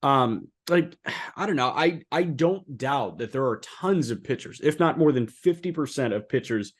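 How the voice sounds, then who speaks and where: A man co-hosting a relaxed sports podcast, speaking into a podcast microphone at a mid pitch. He talks in an animated, incredulous way, and his voice climbs high whenever he drives a point home. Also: normal speed. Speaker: co-host. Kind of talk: casual sports podcast chat.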